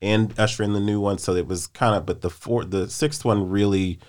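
Deep-voiced man rambling about movies. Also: a little fast. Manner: relaxed, rambling, laughs easily. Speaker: podcast co-host. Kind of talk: casual movie review chat.

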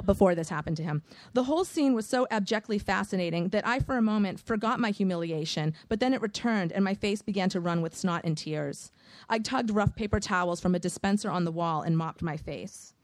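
A woman's voice: mid-range voice, no room sound. Woman narrating a wry first-person audiobook.

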